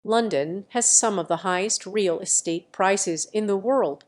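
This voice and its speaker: Woman reading encyclopedia text, even and matter-of-fact. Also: mid-range voice, unhurried. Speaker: narrator. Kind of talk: scripted encyclopedic narration.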